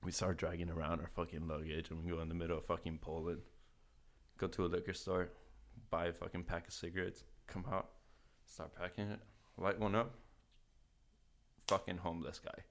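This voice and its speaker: Young man from California with a low voice, casual podcast storyteller who swears a lot and acts out the voices of the people in his story. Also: little pitch movement, a little fast, long pauses. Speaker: guest telling a travel story.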